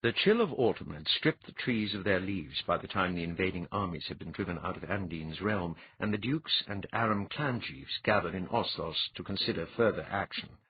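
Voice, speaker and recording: A man narrating an audiobook in a lively, varied way. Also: low voice, moderate pace, few pauses, husky, no echo. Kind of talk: scripted narration. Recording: dull lo-fi audiobook recording.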